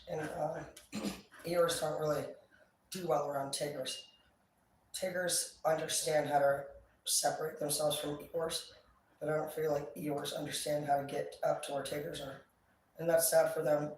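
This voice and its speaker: A woman's voice: deep voice, fairly even intonation, moderate pace. A woman vlogger talking casually and upbeat, swearing freely as she chats. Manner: chatty, profane, upbeat. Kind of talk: casual chat. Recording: echoey, distant mic, faint ambient noise.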